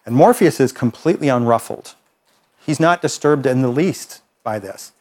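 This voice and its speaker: A man's voice: medium pitch, expressive, moderate pace, a little mellow. A man leading a workshop, teaching a group and telling anecdotes in a conversational way that keeps checking in with listeners. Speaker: workshop trainer.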